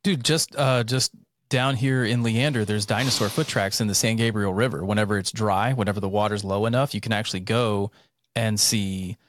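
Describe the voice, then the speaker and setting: A man in his thirties from central North Carolina, co-hosting a casual podcast chat, rambling and swearing with animated bursts. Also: lowish voice, moderate pace, dry recording. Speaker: podcast co-host.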